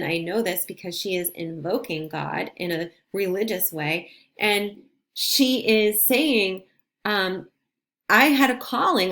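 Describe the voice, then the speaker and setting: A woman's voice: mid-range voice, fairly bright tone. A woman teacher giving a recorded video lesson on reading difficult texts, talking in a conversational, encouraging way and often restarting her phrases.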